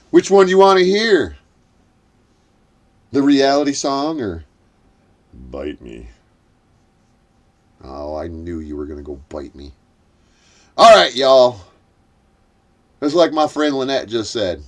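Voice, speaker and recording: A man's voice: mid-range voice, slow, pauses often. An older man hosting a late-night livestream, rambling, swearing and cackling at his own jokes, punch-drunk from lack of sleep. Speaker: livestream host.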